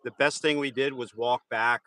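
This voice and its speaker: A man's voice: medium pitch, fairly even intonation, normal speed, a crowd in the background. A man joining a casual live chat from a roadside at night, talking in an agreeable way with frequent hesitations. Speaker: co-host guest. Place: roadside outdoors at night with passing cars.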